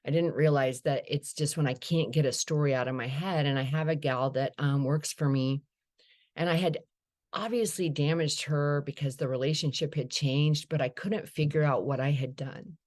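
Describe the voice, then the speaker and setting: Woman, low voice, middle-aged, candid storyteller, recovery talk. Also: steady tone, moderate pace, a little mellow. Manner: candid, storytelling, acts out quoted dialogue. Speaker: speaker sharing recovery story.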